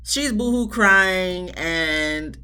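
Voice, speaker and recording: A woman, recapping a reality show episode in a casual, animated way and acting out the quotes. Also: on the low side, very slow, smooth. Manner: chatty, animated retelling with voiced quotes. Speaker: TV show reviewer.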